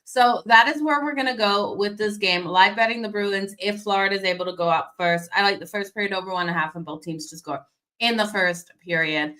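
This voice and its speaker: A woman hosts a daily hockey betting show with a bright, forward voice that has a slight hoarse edge. She talks straight to viewers with an energetic, conversational delivery. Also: medium pitch, brisk. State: hoarse, losing her voice. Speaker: sports betting show host.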